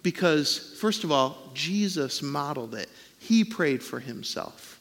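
A man's voice: fairly high pitch, animated, takes it slowly, long reverb tail. A man preaching a sermon as pastor in a conversational way, acting out the voices he quotes.

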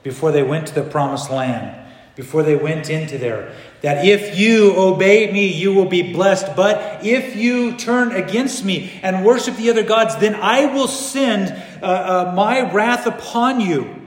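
A high-voiced man preaching a sermon in a church hall, his voice ringing with long reverb. He swings between loud, animated stretches and low, hushed passages. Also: a little slow. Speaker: pastor. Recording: echoey hall.

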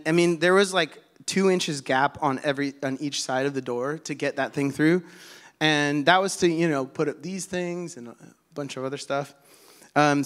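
A man with a slightly high voice preaches a sermon to his church. He talks in an easy, conversational way, full of fillers and asides to the people in front of him. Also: a bit bright.

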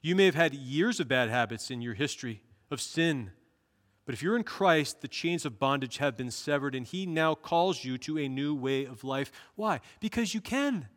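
A man's voice: medium pitch, expressive, normal speed, a bit bright, in a large hall. A male pastor preaching a sermon in an earnest manner, rising to emphatic bursts.

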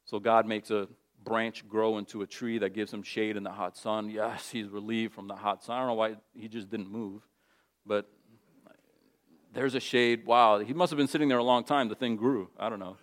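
A man's voice: lowish voice, steady tone, normal speed. A man preaching a sermon in a casual, conversational way, telling stories with lots of animation. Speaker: pastor.

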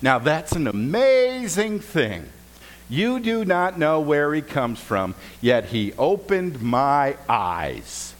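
A man's voice: on the high side, very animated, slow pace, pitched above the performer's own voice. A man voicing a healed blind man who answers with sarcastic exasperation. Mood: exasperated.

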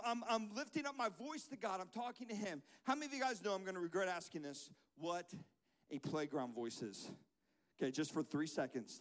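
A man with a strikingly high-pitched voice preaches to children in a church sanctuary. He keeps it playful and jokey, pausing for call-and-response lines the room shouts back. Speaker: children's pastor. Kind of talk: lively children's church sermon.

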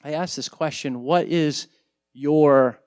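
Pastor guy preaching a sermon, kinda high voice, says like a lot, gets loud then goes real quiet. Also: slow, clean tone. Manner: storytelling, swings between loud emphasis and hushed moments; casual, says "like" often.

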